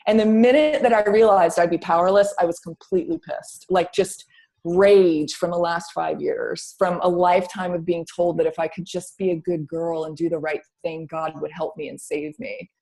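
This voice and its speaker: A woman's voice: on the low side, normal speed, creaky, mellow. A woman telling her personal story to an interviewer in a casual, candid way, acting out her past thoughts, with some swearing and many repeated words.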